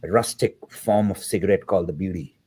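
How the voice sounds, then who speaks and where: A middle-aged man, a podcast guest, telling a story with animated energy and acting out the voices of the people in it. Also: deep voice, brisk, slightly rough. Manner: animated, acts out the dialogue of the people in his story. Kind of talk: storytelling in an interview.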